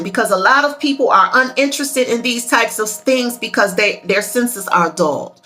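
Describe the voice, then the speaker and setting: A woman with a bright, ringing voice and a fairly high pitch, speaking earnestly and emphatically about spiritual matters. She addresses her viewers directly in a casual monologue, with faint music playing under her. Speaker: tarot and spiritual reader.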